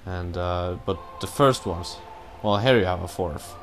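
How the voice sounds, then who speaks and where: A man's voice: sits low, a little slow, fairly bright tone, slight background noise. A man giving casual, rambling commentary while he plays a video game, cursing now and then at his own mistakes. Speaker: let's play gamer.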